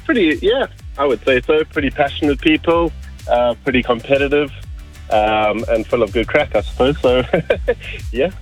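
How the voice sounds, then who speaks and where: A man with a South African accent, calling in to a radio show, chatting in a friendly, relaxed way with a few fillers. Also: mid-range voice, moderate pace. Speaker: radio caller. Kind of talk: casual phone chat. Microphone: phone. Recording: phone line with faint music.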